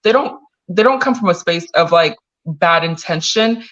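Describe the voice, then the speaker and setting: A woman hosting a podcast, explaining background to listeners in a measured way with frequent filler pauses. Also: lowish voice, expressive, crowd noise. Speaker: podcast host. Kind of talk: conversational explanation. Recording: dull lo-fi sound.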